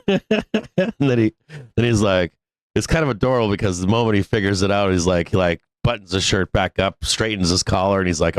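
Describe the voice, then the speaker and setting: A man with a lowish voice hosts a live stock market stream in a loose, rambling way. He swears freely and laughs as he talks. The sound is dry and close, with no room behind it. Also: animated, fairly quick, no room sound. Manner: rambling, profane, laughs often. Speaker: host of a live stock trading show. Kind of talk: casual live-stream talk.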